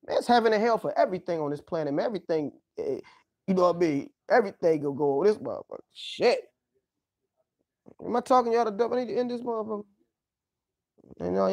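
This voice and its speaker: A man's voice: sits high, darkish tone, dry recording, studio quality. A man hosting a livestream, rambling loosely through a profane casual monologue, exclaiming often and breaking into laughs. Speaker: livestream host.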